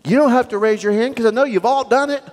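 A middle-aged man preaching a sermon as a pastor, telling stories in an animated way and acting out the voices in them. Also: very high-pitched, fast. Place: church sanctuary. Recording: long reverb of a church hall.

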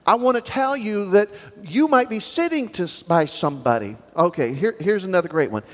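A pastor with a strikingly high, bouncy voice preaches a sermon, animated and full of storytelling. His words ring out with a long reverb through a church sanctuary. He acts out the voices in his stories as he goes. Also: normal speed.

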